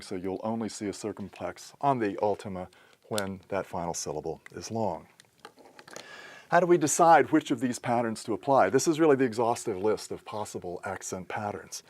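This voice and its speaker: Methodical male teacher, low voice. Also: a little hiss or hum. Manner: methodical, explains step by step with small self-corrections. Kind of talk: recorded lecture.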